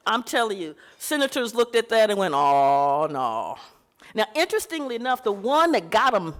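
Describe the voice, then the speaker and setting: A woman delivers a conference keynote as a lively historical lecture. Her pitch sits in a middle range for a woman. She tells it like a story and slips into the voices of the people she quotes. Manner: animated storytelling, acting out quoted voices, laughing. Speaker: keynote speaker. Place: conference hall.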